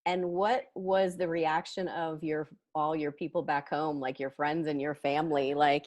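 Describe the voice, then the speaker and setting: Low-voiced female podcast host. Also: fairly even intonation, moderate pace, few pauses. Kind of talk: interview host, reads a prepared intro then chats.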